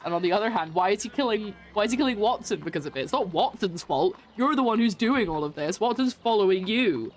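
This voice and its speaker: A woman's voice: mid-range voice, lively intonation, fast, hardly any pauses, slight background noise. Giggly woman streaming a game. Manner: giggly, chatty, self-mocking. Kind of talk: casual let's-play commentary.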